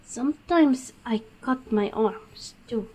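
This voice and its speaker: A woman voicing a troubled young female patient in a game, speaking in a slow, plain way. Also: fairly high pitch, darkish tone, slight background noise, rough recording. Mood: tense. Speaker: game character. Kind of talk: game dialogue.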